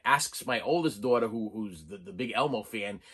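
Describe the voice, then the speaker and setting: A man's voice: lowish voice, lively intonation, normal speed, fairly bright tone, breathy edge. A middle-aged man hosting a casual movie-haul video, rambling along with frequent restarts, stammers and chuckles. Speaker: channel host reviewing a movie haul. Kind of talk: casual chat to camera.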